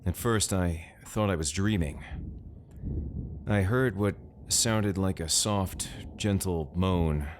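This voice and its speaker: A man narrating a first-person horror story in a measured, deadpan way. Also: low-pitched, noisy background.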